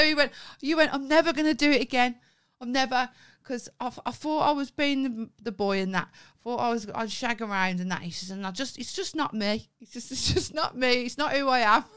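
A woman's voice: fairly high pitch, expressive, normal speed, fairly bright tone, clean tone. A woman co-hosting a comedy podcast, telling a story animatedly, acting out quoted lines and swearing freely. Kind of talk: casual storytelling chat.

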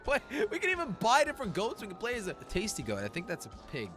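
A young man hosting a gaming channel, narrating his play in an excitable, jokey way with frequent laughs and sudden shouts. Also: sits high, fast talker, over music. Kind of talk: game commentary.

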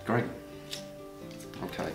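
A man playing a wine pronunciation quiz, good-humoured and a little tentative. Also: takes it slowly. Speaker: quiz contestant. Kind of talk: casual game play. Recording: roomy sound with light music.

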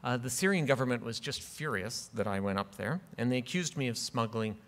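A middle-aged man giving a formal acceptance speech at a podium, measured and earnest, with frequent ums and dry humor. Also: medium pitch, expressive, fairly bright tone. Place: large ceremony hall. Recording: long hall reverb.

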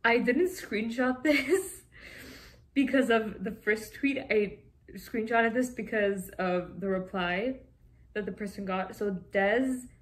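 A woman's voice: on the high side, slow pace. A young woman from Canada chatting casually and giggling as she reads fan tweets aloud. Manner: chatty and giggly, often laughing. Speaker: vlogger.

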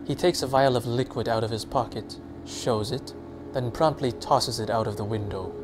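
A man's voice: mid-range voice, normal speed, noisy background. A man narrating an audiobook in a dramatic storytelling manner. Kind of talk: scripted narration.

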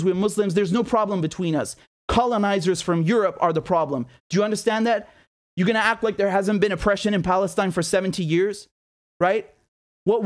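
A man giving an angry political monologue, indignant and heated, firing rhetorical questions and repeating himself. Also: sits high. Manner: swears and repeats words when worked up. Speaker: political commentator.

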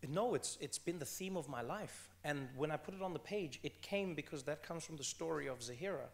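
Male guest, 30s, from South Africa: animated conversational storyteller who stumbles and restarts. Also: fairly high pitch, a little fast, gravelly. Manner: animated, repeats words when restarting, laughs while telling stories. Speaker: author and comedian guest.

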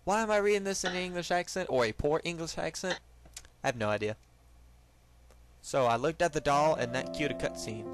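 A young man hosting a let's play, reading game text aloud and reacting with excited, jokey commentary. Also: fairly high pitch, moderate pace. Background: game music.

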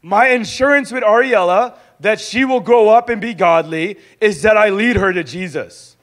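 A young adult man teaching in a sermon style, lively and acting out little dialogues as he goes. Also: high voice, moderate pace. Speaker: pastor teaching a discipleship school.

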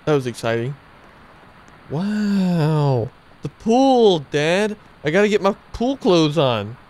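A man hosting a casual game let's-play, excitable and playful, often bursting into high yelps. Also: slow. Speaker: gameplay channel host.

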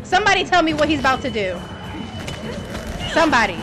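A woman streaming a game live, reacting loudly, swearing and shouting at the screen. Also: high-pitched, sing-song, brisk. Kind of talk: live gameplay reaction commentary. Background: loud game music and sound effects.

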